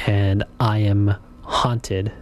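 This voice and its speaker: A man voicing a menacing haunted doll in a monotone, robotic voice, as a quote within his radio storytelling. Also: on the low side, very slow, slight background noise, pitched below the performer's own voice.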